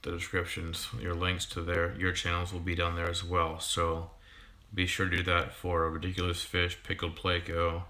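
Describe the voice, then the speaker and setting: A man in his thirties talks casually to viewers on a livestream, stopping and restarting often with lots of ums. His voice is very low and flat in pitch, with a bright, slightly edgy tone. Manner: halting, full of ums and restarts. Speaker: fishkeeping YouTuber and sixth-grade teacher.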